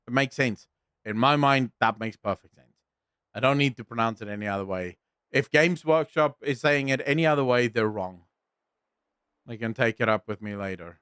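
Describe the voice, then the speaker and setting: A man's voice: medium pitch, lively intonation, moderate pace, long pauses, sharp tone, clean tone, no echo, studio quality. A young man streaming casually, swearing often and arguing back at his chat with exasperation.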